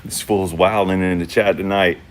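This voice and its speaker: A man hosting a casual livestream check-in from home on his phone, talking in a laid-back, slangy way and shouting out viewers in the chat. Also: deep voice, fairly even intonation, moderate pace. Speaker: channel host.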